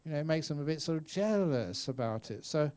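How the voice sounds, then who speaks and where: A man's voice: a little high, expressive, brisk, mellow. Man in his 60s, Buddhist teacher, chatty storyteller style. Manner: chatty storyteller, acts out voices, laughs often. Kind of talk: dharma talk answering questions. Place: meditation retreat hall.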